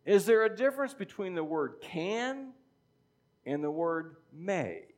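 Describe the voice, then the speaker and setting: A man's voice: sits high, sing-song, measured pace. A middle-aged man preaching a sermon in a conversational teaching style, often checking in with "okay?". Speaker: pastor.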